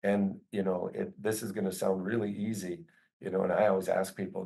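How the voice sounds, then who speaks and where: Gravelly low-voiced man, rambling. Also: flat delivery, fairly quick, mellow, rough recording. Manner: rambling, many "you know" fillers. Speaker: business owner, guest. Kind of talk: casual conversation.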